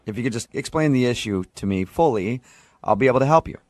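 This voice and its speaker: A man hosting a radio prank call, posing as a bank manager, talking in a smooth, mock-innocent way. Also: medium pitch, animated, fast, no room sound.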